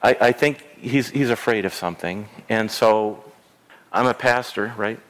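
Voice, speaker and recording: Middle-aged pastor preaching in a reverberant church. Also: male voice, on the low side, a little slow, fairly bright tone. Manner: earnest, repeats phrases, stammers on restarts. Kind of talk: sermon. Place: church sanctuary.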